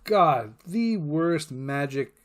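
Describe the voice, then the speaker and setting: A man's voice: fairly high pitch, lively intonation, drawn-out words. A man hosting his own channel, rambling casually and swearing freely, with frequent fillers and restarts. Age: adult parent. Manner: rambling and profane, heavy with fillers. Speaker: channel host. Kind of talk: casual rambling vlog monologue.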